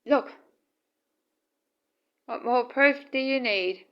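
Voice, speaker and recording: A woman narrating a home video at night, speaking softly and tenderly to her late husband. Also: on the high side, extremely slow, smooth. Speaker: vlogger. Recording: dull lo-fi phone recording.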